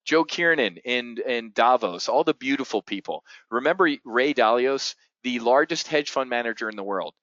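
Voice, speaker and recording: A man hosting a live trading show, talking bluntly and profanely in a loud-and-quiet rant to his viewers. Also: medium pitch, animated, moderate pace, hardly any pauses, dry recording. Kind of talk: live-streamed market commentary. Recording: dull lo-fi stream audio.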